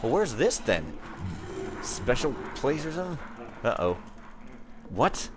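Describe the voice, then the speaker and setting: A man's voice: mid-range voice, big pitch swings, slow pace, background noise. A young man giving casual gameplay commentary, ranting and easily frustrated, with outbursts and musing. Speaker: let's play gamer.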